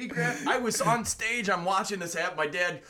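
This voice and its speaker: A man who is a musician guest telling animated, laughing stories in a casual chat. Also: sits high, moderate pace, heavy background noise.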